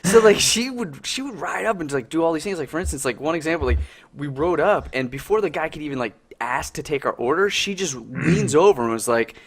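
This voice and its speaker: A young man co-hosting a casual podcast chat, telling stories with lots of fillers, swearing and animated quoted voices. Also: on the high side, a little fast. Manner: animated, swearing, lots of "like" and "you know what I mean". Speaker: podcast co-host.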